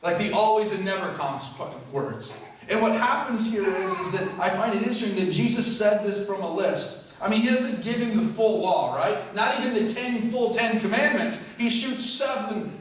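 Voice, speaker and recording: High-voiced preaching man in echoey hall. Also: distant mic. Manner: conversational preaching with rhetorical questions. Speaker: pastor. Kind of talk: sermon. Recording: very echoey hall, heard from afar.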